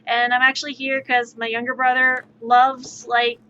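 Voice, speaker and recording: A woman's voice: high-pitched, normal speed. A young woman streamer telling a story casually and animatedly, slipping into voices for the people in it. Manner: animated, acts out voices in anecdotes. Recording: muffled stream audio with faint noise.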